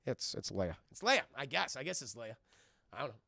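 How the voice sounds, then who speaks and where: A young man streaming a film recap to his chat, excitable and swearing often, talking casually into a close mic. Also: medium pitch, a little fast, gravelly, no echo. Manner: excitable, swears a lot, keeps addressing the chat. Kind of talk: animated live-stream recap, loosely acting out scenes.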